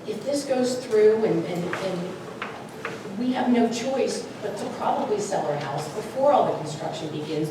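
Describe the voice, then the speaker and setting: A middle-aged woman making an earnest public comment at a meeting. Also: mid-range voice. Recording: echoey hall from far off, noisy.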